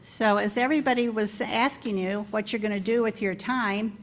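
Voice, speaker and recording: A woman's voice: medium pitch, steady tone, normal speed. A woman, the incoming club president, emceeing an installation ceremony in a chatty, informal way and laughing often.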